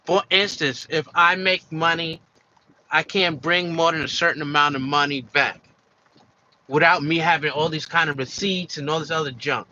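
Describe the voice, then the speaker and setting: A man's voice: fairly high pitch, steady tone, normal speed, pushed and bright, lo-fi sound, slight background noise. A man giving an emphatic opinion monologue for his video channel, repeating his points with many fillers and restarts. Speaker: commentary vlogger.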